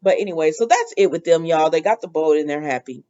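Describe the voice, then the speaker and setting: A woman's voice: deep voice, lively intonation, fast, dark tone, muffled recording. A woman hosting a casual soap opera recap, chatty and opinionated, with lots of fillers.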